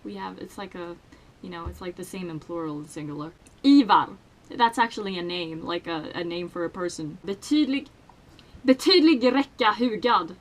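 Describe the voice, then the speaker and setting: A woman's voice: lowish voice, brisk. A young woman from Sweden with a Swedish accent, chatting casually to camera in a crude, self-mocking, playful way. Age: young adult. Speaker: vlogger. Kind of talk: casual vlog chat. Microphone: headphones with desk mic.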